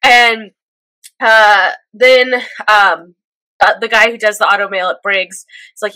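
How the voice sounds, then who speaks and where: Woman co-host with a cold, bright forceful voice, dry mic, lively fangirl recap, slightly high. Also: no echo, poor audio. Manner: animated, quick recapping with quoted character lines. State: stuffy from a cold. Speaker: podcast co-host recapping an anime episode. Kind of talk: casual chat.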